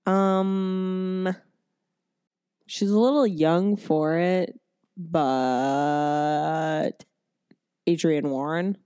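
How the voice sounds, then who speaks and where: A woman co-hosting a casual chat, swearing freely, laughing often and bursting into loud excitement. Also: lowish voice, drawn-out words, pauses often, clean tone, no room sound. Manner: profane, laughs often, animated outbursts. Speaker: podcast co-host.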